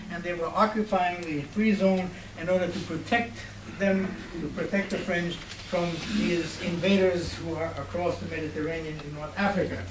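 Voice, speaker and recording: An older man, a Holocaust survivor, tells stories of his past in a university hall, wry and conversational, pausing on fillers. His voice is high for a man and is picked up from a distance in the roomy, echoing space with faint ambient noise.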